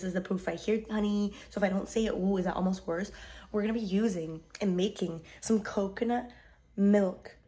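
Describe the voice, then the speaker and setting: Casual profane woman vlogger, tired and rambling, warm low-toned timbre. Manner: profane, rambling, laughs often. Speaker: beauty brand owner vlogging. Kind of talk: casual vlog monologue.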